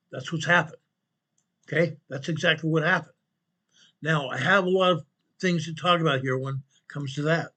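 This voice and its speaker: A man hosting a casual emergency news show, energetic and repetitive, often calling the viewers "guys". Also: fairly high pitch. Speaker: host and company president.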